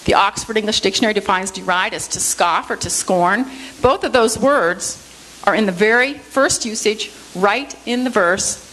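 A woman's voice: mid-range voice, a bit bright, poor audio. Woman teaching, punctuating points with "okay?". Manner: explanatory, checks in with frequent "okay?"; self-deprecating, light humor. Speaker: Bible study speaker. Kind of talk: church Bible study lecture.

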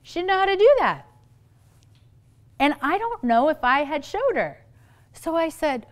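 A middle-aged woman psychologist giving a playful, lively talk on parenting to an audience, with quick asides. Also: sits high. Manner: playful, quick asides, acts out quoted voices.

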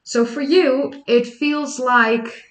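A woman's voice: high voice, fairly even intonation, very slow, distant mic, poor audio. A young adult woman from the Netherlands with a Dutch accent, chatting casually on a livestream and explaining history questions at length. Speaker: history YouTuber.

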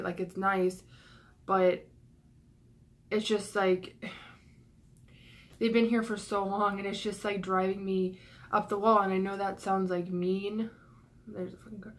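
A young woman venting to her camera in an emotional vlog rant. She sounds flustered and out of breath, rushing her words between sighs and swearing. She is stressed and close to tears, with her voice cracking. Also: medium pitch. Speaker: YouTuber.

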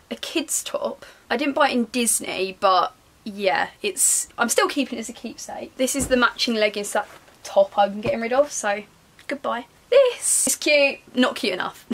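A young woman with a slightly high voice talks casually as a lifestyle vlogger. She rambles and laughs at herself. She moves between bright, loud remarks and soft whispered asides. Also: animated, measured pace. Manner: rambling, self-mocking, giggly, talking to herself. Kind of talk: casual chatty voice-over.

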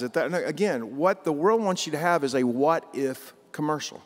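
A man's voice: a little high, lively intonation, normal speed, in a large hall. A man preaching a sermon as pastor, in a folksy, emphatic way full of rhetorical questions.

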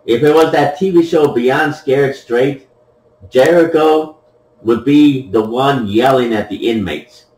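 A man's voice: mid-range voice, slow pace, darkish tone. A man giving playful, joking commentary over a game replay, laughing at his own jokes, in an echoey room with the mic at a distance. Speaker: gameplay commentator.

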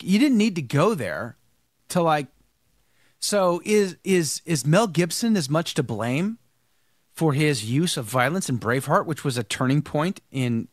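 Animated, lively-pitched male host. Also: no echo, clean studio sound. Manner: animated, rambling, repeats words. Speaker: show host. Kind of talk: live-stream commentary and chat.

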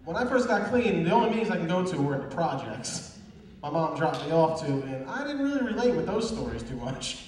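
A man doing a stand-up comedy set, telling stories in an animated way and acting out the people in them. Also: on the high side, fairly quick, slight background noise. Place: live fundraiser stage before an audience. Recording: echoey distant room recording with crowd.

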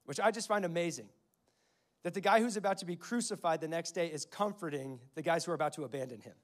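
This pastor, a young man in his twenties or thirties, talks fast in a slightly high voice. His sermon unfolds as conversational storytelling, with scripture quoted throughout.

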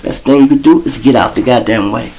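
A man around fifty with a Chicago accent, hosting his own show and telling a raw street story to his listeners, profane and blunt, breaking into loud acted-out voices. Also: mid-range voice, fairly quick, a little hiss or hum, poor audio. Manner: profane, blunt, addresses listeners directly, acts out voices loudly. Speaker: show host.

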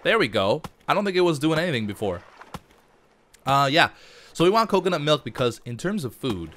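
A man talking his way through a survival game, chatty and playful, narrating each move and joking to himself. His pitch swings widely from line to line, rising and falling as he reacts. It is casual gameplay commentary, loose and unscripted. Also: big pitch swings, fairly quick, fairly bright tone. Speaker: let's play host.

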